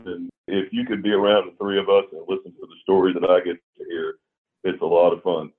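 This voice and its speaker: A man guesting in a casual interview, plainspoken and earnest as he tells stories from his business. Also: low-pitched. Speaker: insurance agency owner, guest. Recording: tinny phone-like line.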